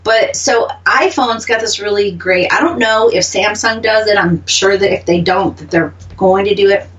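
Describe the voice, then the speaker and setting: A woman's voice: mid-range voice, moderate pace, far from the mic, highs cut off. A woman with an Oklahoma accent co-hosting a radio show, chatting casually and laughing often. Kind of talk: casual chat.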